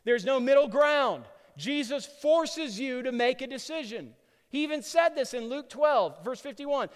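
A man preaching a sermon, telling stories with animation and building to loud peaks. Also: very high-pitched, expressive, measured pace. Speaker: pastor. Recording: long hall reverb.

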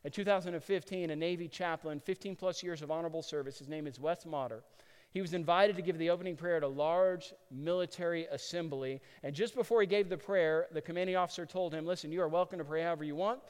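A man preaching a sermon, telling stories with animation and building to loud peaks. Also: on the high side, fast talker, smooth. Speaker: pastor. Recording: long hall reverb.

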